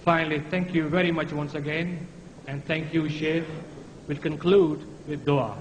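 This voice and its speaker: A man's voice: fairly high pitch, steady tone, normal speed. A man hosting an event, closing with polite, hesitant announcements. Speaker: event host. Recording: echoey hall with background noise.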